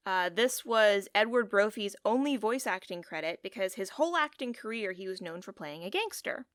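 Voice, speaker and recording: A woman's voice: mid-range voice, expressive, normal speed, fairly bright tone, dry recording. Giggly rambling woman podcaster, dry sound. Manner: giggly, rambling, pun-loving. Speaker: podcast co-host. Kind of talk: casual chat.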